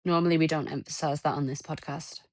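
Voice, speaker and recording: A woman's voice: low voice, steady tone, fast, no room sound. A woman co-hosting a podcast, chiming in with dry, teasing one-liners. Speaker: podcast co-host. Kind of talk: casual chat.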